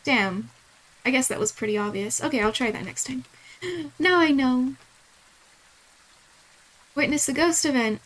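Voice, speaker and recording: A woman's voice: high voice, unhurried, long pauses, a bit bright, low-quality recording. A woman streaming a game live, talking to herself and repeating the same questions aloud, easily startled into swearing.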